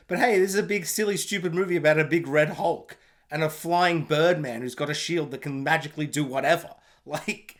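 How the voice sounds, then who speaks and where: A man with a fairly high voice rants his way through a film review. He is sarcastic and mocking, rambling from point to point and swearing freely as he goes. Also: fairly bright tone.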